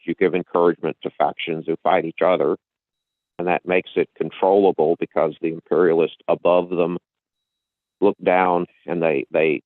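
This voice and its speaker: A man with a low voice hosts a podcast, lecturing casually and at length while frequently restarting sentences and repeating himself. The audio is a dry, echo-free, tinny phone-like line.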